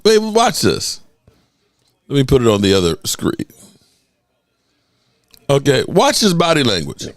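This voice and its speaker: Man, sports reaction host, lively rising and falling voice, slightly high, dry close sound, laughs a lot. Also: a little slow, long pauses, dry recording. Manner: laughs a lot, repeats lines mockingly. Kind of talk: live reaction stream.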